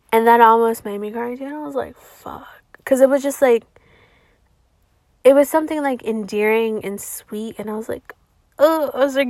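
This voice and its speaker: A woman's voice: fairly high pitch, a little fast, darkish tone, dry recording. A young woman vlogging, rambling through a confessional story with plenty of swearing and "like". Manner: rambling, profane, heavy use of "like".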